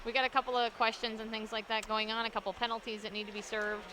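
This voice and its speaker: A woman with a fairly high voice calls a roller derby bout with enthusiasm. Between plays she works in sponsor plugs. Clear venue noise runs under her voice. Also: flat delivery, fast talker. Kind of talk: live sports commentary. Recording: noisy arena broadcast feed.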